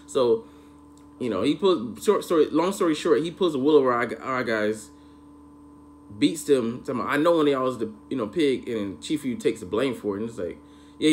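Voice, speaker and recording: A man's voice: medium pitch, a little hiss or hum. Rambling profane man reviewing anime. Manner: rambling, profane, erupts into shouted rants. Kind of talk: casual episode review.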